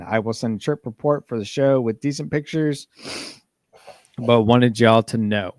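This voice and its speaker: A man's voice: medium pitch, normal speed, no echo, studio quality. A man hosting a casual podcast, reading out listener messages in a laid-back, rambling way. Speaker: podcast host.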